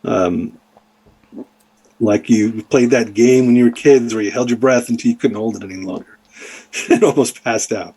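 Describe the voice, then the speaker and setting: A man serves as dungeon master for a tabletop game, describing the scene in loose, rambling sentences. His voice is husky, and he leans on lots of "like" and "uh" as he goes. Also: mid-range voice, moderate pace, dark tone. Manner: rambling, many fillers.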